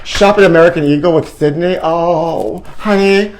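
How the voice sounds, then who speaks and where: A man's voice: on the high side, moderate pace, a little hiss or hum. Sassy, flamboyant gossip host, a man. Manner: flamboyant and sassy, calls the viewers honey; breaks into short bits of song. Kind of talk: campy live gossip commentary.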